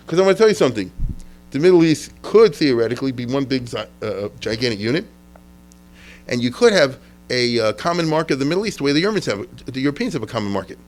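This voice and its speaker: A man's voice: mid-range voice, a little mellow, slight background noise. A middle-aged man, a rabbi, giving an informal history lecture in a chatty, digressive way, acting out quotes from the people he describes.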